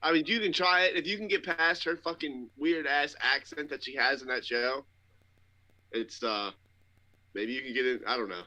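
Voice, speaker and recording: A man's voice: mid-range voice, normal speed, bright, forceful tone, poor audio. A man on a casual podcast, rambling and complaining in profane, loose talk. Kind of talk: casual chat.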